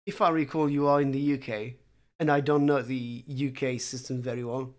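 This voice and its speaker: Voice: mid-range voice, steady tone, moderate pace. Dry-humored streamer thinking aloud. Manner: dry, self-mocking humor; thinks aloud with hesitant fillers. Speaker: conlang streamer. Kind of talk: casual livestream chat while working.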